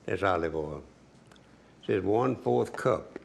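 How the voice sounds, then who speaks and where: A man's voice: low-pitched, lively intonation, measured pace, gravelly, a little hiss or hum. A man giving a cooking demonstration as a home cook, folksy and chatty, talking straight to the viewer.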